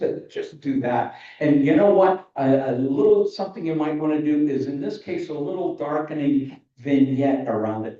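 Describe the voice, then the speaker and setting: A man's voice: mid-range voice, mellow. A man judging entries in a photography competition over a video call, explaining with enthusiasm and frequent restarts. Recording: echoey, distant, muffled video call audio.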